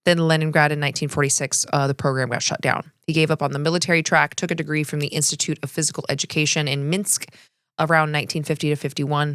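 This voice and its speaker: In a clean, dry studio recording, a deep-voiced woman with a slightly bright tone co-hosts a podcast. She shares researched history conversationally, as relaxed storytelling, and laughs a lot.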